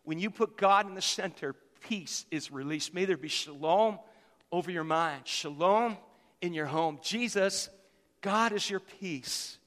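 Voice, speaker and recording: Fervent preacher, man in his fifties, pitched high, repeats lines for emphasis, reverberant hall. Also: unhurried, fairly bright tone. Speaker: pastor. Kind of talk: sermon.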